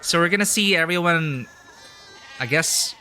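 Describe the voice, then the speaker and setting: A man's voice: fairly high pitch, measured pace, sharp tone, slight background noise. A man streaming a story game, chatting casually and thinking aloud with lots of fillers. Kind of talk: casual live-stream chat.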